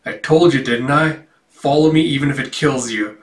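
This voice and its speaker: A man voicing a calm, cool male swordsman officer with a dry, understated delivery, read aloud from a manga in a roomy room. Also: mid-range voice, normal speed, close to an everyday voice. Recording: roomy, a bit distant from mic.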